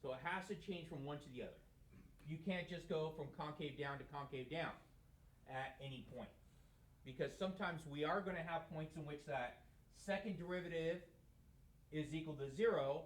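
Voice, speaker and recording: A man teaching a math lesson in a slightly higher voice, recorded in an echoey classroom. He lectures conversationally and keeps asking questions that he answers himself. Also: moderate pace, a little hiss or hum. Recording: echoey room.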